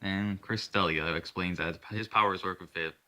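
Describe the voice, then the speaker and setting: Low-pitched man with a very bright, forceful tone, rambling loosely through an improvised story. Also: fairly even intonation, moderate pace. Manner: rambling, swears, restarts and self-corrections. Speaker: storyteller narrating his own hero story. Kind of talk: casual improvised narration.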